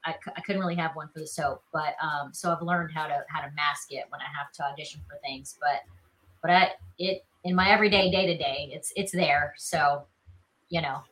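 Bright-voiced Southern woman, chatty. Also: low voice, steady tone, fairly quick, low-quality recording. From South Carolina. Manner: chatty, frequent fillers like "you know" and "like". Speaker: actress guest. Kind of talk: casual interview chat.

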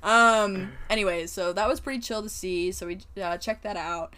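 Low-pitched young woman, casual podcast co-host, laughs often and swears freely. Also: a little fast. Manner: laughing, swearing, chatty storyteller. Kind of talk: casual chat.

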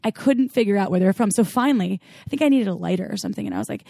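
A woman co-hosting a podcast, chatting casually and telling stories in an animated, laughing way. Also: mid-range voice, racing, vocal fry, dry recording, studio quality. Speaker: podcast co-host. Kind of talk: casual chat.

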